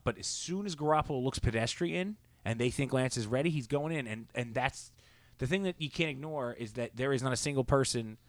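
A man's voice: mid-range voice, dry recording. Opinionated man on a sports podcast. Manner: opinionated, rambling, quick asides. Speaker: podcast co-host. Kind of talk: casual sports podcast chat.

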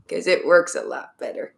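A woman's voice: lowish voice, creaky. A woman co-hosting a podcast from home, chatting casually with lots of filler words. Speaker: podcast co-host. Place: home in Illinois, on a couch. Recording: roomy echo.

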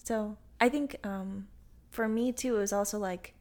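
A woman's voice: medium pitch, steady tone, darkish tone. Supportive young American woman. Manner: supportive, quick affirmations, playful. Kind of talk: casual conversation.

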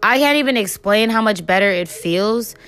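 A woman's voice: mid-range voice, lively intonation, moderate pace, fairly bright tone, faint music behind. A young woman hosting a podcast, telling a story in a loose, profane, filler-heavy chat. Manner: chatty, profane, lots of fillers. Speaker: podcast host. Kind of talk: casual storytelling monologue.

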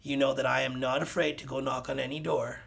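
A man, a realtor guest on a podcast, telling a story in a casual, animated way, acting out the dialogue and getting loud at the punchlines. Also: medium pitch, fast, vocal fry, noisy background.

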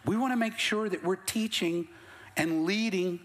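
A middle-aged male pastor preaching a sermon in a church, his voice sitting on the higher side for a man. He tells stories in a plain, conversational way, then builds into rising bursts of emphasis. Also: moderate pace, a bit bright. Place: church sanctuary.

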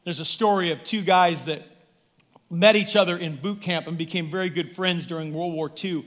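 A man, a pastor, preaching a sermon in an emphatic way, swinging from loud stresses down to hushed, quiet lines. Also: high voice, moderate pace.

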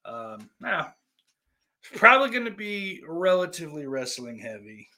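A man hosting a podcast in casual live-stream chat, greeting viewers and rambling through profane, self-deprecating banter, with loud outbursts between muttered asides. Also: a little high, sing-song, normal speed. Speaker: podcast host.

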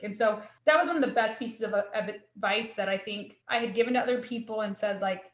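A woman in her thirties, a guest sharing her story, speaks in a fairly high, steady voice at a moderate pace with few pauses. She is earnest and reflective in conversation and often quotes her own thoughts aloud, and the room sounds echoey.

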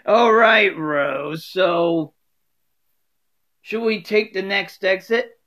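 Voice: medium pitch, extremely slow, bright, forceful tone, voice pushed up. A fan voicing a sensible, exasperated older woman with a sardonic inflection.

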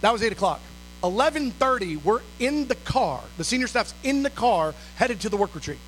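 High, bright-voiced man preaching a story. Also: a little fast, a little hiss or hum, low-quality recording. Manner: animated, acts out dialogue and sometimes shouts. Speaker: pastor. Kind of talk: storytelling sermon.

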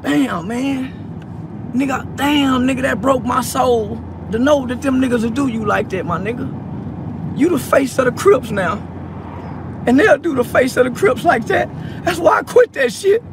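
A man's voice: very high-pitched, unhurried. A man in a car speaking through tears, repeating himself in a preachy, emotional plea to someone he saw in a video. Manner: tearful, repetitive, preachy. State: teary, choked up. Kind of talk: emotional address to a viral video subject. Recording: car and street noise behind. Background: traffic and outdoor ambience.

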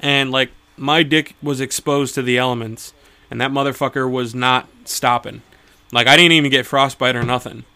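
A man's voice: medium pitch, sharp tone, clean tone. A man co-hosting a podcast, telling crude stories in a rambling, profane, casual way. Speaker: podcast co-host. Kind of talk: casual chat.

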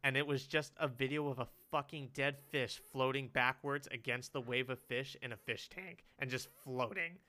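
Young guy rambling and giggling on a podcast, bright voice. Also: mid-range voice, steady tone, normal speed, hardly any pauses. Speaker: podcast co-host. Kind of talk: casual chat.

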